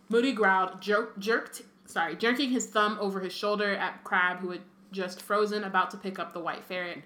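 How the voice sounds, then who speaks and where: A woman's voice: mid-range voice, fairly even intonation, normal speed, hardly any pauses, fairly bright tone, roomy sound. A young woman co-hosting a podcast, reading a book aloud with chatty asides. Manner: chatty, laughs often, reads with asides. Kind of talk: casual chat and reading aloud.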